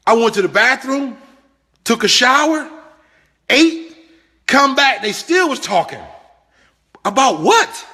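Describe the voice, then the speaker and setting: A man giving a motivational business talk, animated and pleading, repeating himself for emphasis. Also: very high-pitched, takes it slowly, long pauses. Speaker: business trainer.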